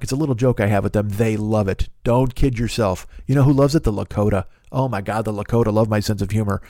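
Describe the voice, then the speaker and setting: A man's voice: medium pitch, darkish tone, no room sound, studio quality. A man hosting a podcast, riffing through a rambling, profane comedic monologue aimed straight at his listeners. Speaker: podcast host.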